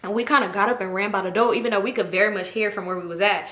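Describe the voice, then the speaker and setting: A woman vlogger telling a story in a casual, slangy, animated way. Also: mid-range voice, racing. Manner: animated, laughing often, slangy. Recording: echoey room.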